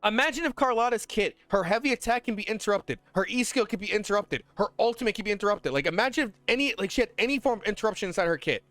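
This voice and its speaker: A man ranting in casual, slangy talk as a gaming content creator, heated and animated, swearing freely. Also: high-pitched, very fast, few pauses, no room sound, faint music behind.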